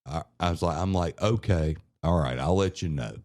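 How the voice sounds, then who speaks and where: A man's voice: low voice, normal speed, a little mellow, no room sound, clean studio sound. A man on a podcast telling a casual, profane family story, laughing and acting out what people said. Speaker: podcast co-host.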